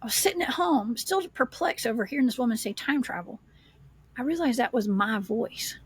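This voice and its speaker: A woman, a paranormal investigator, telling her story as a guest in a casual podcast chat, animated and rambling. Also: a little high, moderate pace, husky, no echo.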